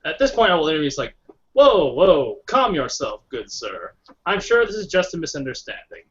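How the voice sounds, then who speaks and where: A man plays a noble in a tabletop game, wry and lordly, with a voice that rises and falls a great deal. His voice is fairly high for a man. The sound is dull and lo-fi, as over an online call. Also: sing-song, moderate pace. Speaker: player voicing a noble. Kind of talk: in-character role-play. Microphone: online video call.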